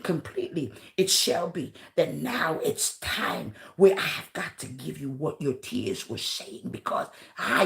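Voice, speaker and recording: A woman pastor, preaching a livestreamed sermon, often shouting and punctuating her lines with "uh" and "huh". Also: lowish voice, creaky. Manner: shouting, preaching with rising intensity and "uh" and "huh" fillers.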